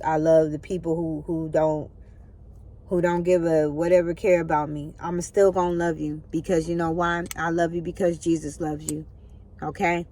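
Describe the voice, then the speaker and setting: A woman's voice: deep voice, dark tone. Woman, spiritual vlogger on her phone; earnest, preachy, checks in with viewers a lot. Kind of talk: spiritual motivational talk.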